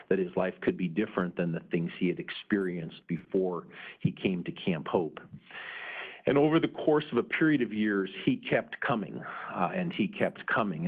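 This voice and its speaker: Middle-aged male presenter, earnest storyteller, deep and husky, thin phone-like recording. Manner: earnest, frequent "uh" fillers. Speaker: conference presenter. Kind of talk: storytelling talk. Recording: narrow phone-like sound.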